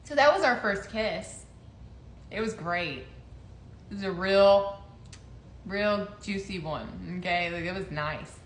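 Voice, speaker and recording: A woman's voice: medium pitch, slow pace, long pauses. A young woman in casual chat, telling a story with laughter and acted-out quotes. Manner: animated, laughing, acts out quotes. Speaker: co-host telling their story. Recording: roomy echo, faint noise.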